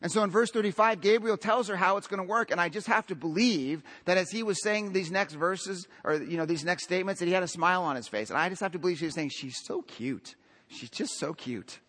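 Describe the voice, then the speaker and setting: Male pastor, high voice, emphatic church sermon, stacks up long lists and calls out to the congregation. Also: quick pace, few pauses, fairly bright tone.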